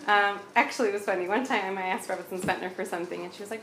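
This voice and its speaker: Woman, personal storytelling, blunt and lively, echoey room, faint background noise. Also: medium pitch, very fast. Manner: lively, blunt, acts out both sides of conversations. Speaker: speaker sharing her story.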